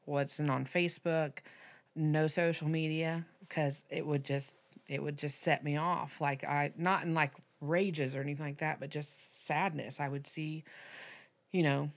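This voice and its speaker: A woman in her thirties, a podcast guest telling a personal story candidly, with halting restarts and fillers. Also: deep voice, steady tone.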